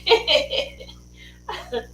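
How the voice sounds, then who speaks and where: A woman's voice: very slow, a bit bright, slight background noise, low-quality recording. A woman hosting a casual craft livestream from her home studio, chatty and rambling, laughing often.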